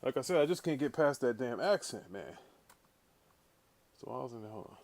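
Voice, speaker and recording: A man hosting a casual livestream, talking in an animated way, swearing and calling out viewers in the chat. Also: mid-range voice, moderate pace. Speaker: livestream host.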